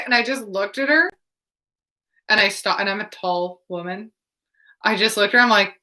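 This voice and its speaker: A woman reads oracle cards and then slips into casual storytelling with a bright, crisp edge to her voice. She is animated and blunt, swearing freely and laughing as she talks. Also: mid-range voice, normal speed, pauses often, poor audio. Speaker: tarot reader.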